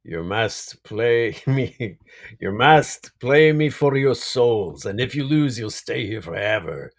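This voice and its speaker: A man's voice: medium pitch, animated, slow pace, vocal fry, heavily acted. A man putting on a menacing male Grim Reaper with an Eastern European accent, drawn out and threatening.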